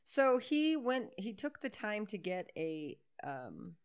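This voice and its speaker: A woman's voice: medium pitch, very animated, takes it slowly, clean tone. A woman co-hosting a podcast, chatting casually and sarcastically about a movie, swearing and laughing often. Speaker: podcast co-host. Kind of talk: casual movie-riffing chat.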